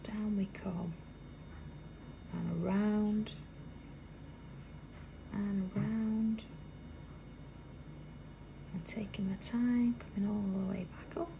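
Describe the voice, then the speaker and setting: A British woman hosting a live craft tutorial, chatting as she works and dropping to a soft whisper while she draws. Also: mid-range voice, fairly even intonation, takes it slowly, vocal fry, long pauses, noisy background. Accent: British English. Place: busy indoor craft workroom.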